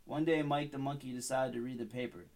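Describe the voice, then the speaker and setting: 30-something guy reading his old kid story out loud, wry side comments, middle pitch. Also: fairly even intonation, fast. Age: 30s. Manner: wry, self-mocking asides. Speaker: podcast host. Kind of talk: reading his childhood story aloud with asides.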